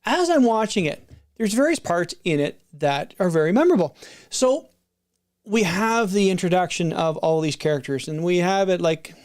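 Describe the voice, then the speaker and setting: Unscripted and casual, this middle-aged film-release reviewer rambles along, often restarting and going off on tangents. The delivery is expressive at a moderate pace, with a medium-pitched, slightly mellow voice.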